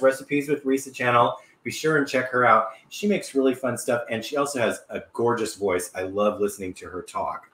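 A man's voice: medium pitch, pushed and bright, roomy sound. A middle-aged man hosting a live cooking stream from his home kitchen, upbeat and chatty, reading viewer comments aloud. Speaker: cooking show host.

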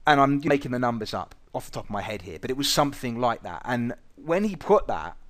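A man's voice: medium pitch, fairly quick. A man teaching traders in a blunt, profane way, telling stories from his own trading. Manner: blunt and profane, lively storytelling. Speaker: trading educator. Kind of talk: recorded trading lesson with anecdotes.

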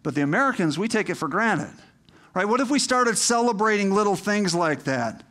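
A man's voice: high voice, lively intonation, a little fast, fairly bright tone. A male pastor preaching a sermon in a conversational, emphatic way that builds to rousing appeals.

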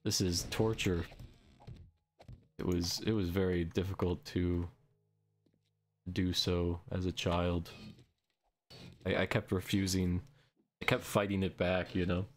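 A man's voice: sits low, level tone, measured pace, long pauses, slight background noise. Streamer man, sick, stuffy, casual and jokey. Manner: goofy, laughs often. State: sick with a sore throat and runny nose. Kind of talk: casual chat while gaming.

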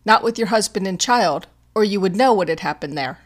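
A woman's voice: medium pitch, animated, fairly quick, lightly acted. A woman doing a stern, suspicious policeman. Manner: curt, questioning.

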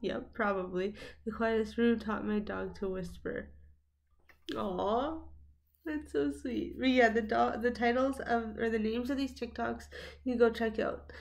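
A woman's voice: on the high side, fairly even intonation, unhurried, creaky, a little mellow. A young woman chatting casually as she reacts to video clips, laughing often and talking back to what she watches.

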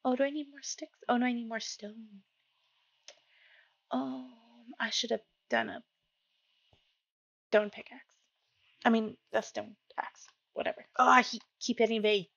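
A woman's voice: on the high side, animated, a little slow, vocal fry, pauses often, a bit bright, no room sound. A woman streaming a video game, talking to herself in casual commentary and startling easily. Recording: dull lo-fi mic with faint music.

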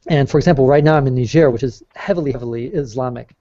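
A man's voice: medium pitch, quick pace, dark tone. A man being interviewed as a travel author on a podcast, talking at length in a casual way and restarting his sentences often. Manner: talkative, explains at length with restarts. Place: calling in from abroad. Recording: slightly muffled audio.

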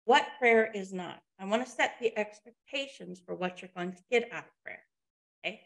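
A woman's voice: medium pitch, expressive, normal speed, creaky. A woman presenting a motivational webinar, talking conversationally and checking in with her listeners as she tells a story.

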